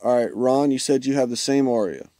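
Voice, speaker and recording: A man's voice: mid-range voice, brisk, dark tone, dry recording, clean studio sound. A man live-streaming a mobile game, rambling through his setup and joking with friends on a voice call. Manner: rambling, jokey, talks to chat and friends. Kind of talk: casual gameplay commentary.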